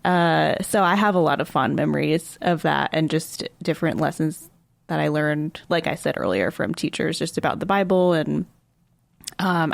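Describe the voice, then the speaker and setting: A woman's voice: low-pitched, creaky, no room sound. A young adult woman, a podcast guest, telling stories in a chatty conversational way with many fillers. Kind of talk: casual conversation.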